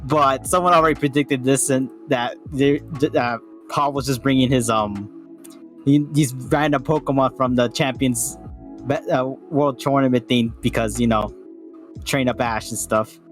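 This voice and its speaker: A man with a mid-pitched voice talks casually over a voice call. He is hesitant and thinks aloud, restarting his sentences often. Faint music plays behind him. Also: steady tone, normal speed. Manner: hesitant, many fillers and restarts. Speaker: panel guest. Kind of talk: casual reaction chat.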